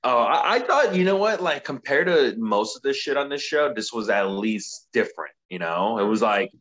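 A man co-hosting a casual podcast, recapping a show with animated, profane commentary. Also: medium pitch, normal speed, highs cut off. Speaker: podcast co-host. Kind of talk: casual wrestling recap chat.

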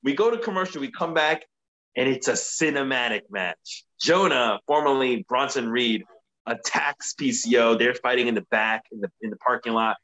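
A man co-hosting a casual podcast, recapping a show with animated, profane commentary. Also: mid-range voice, normal speed, low-quality recording. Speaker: podcast co-host. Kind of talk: casual wrestling recap chat.

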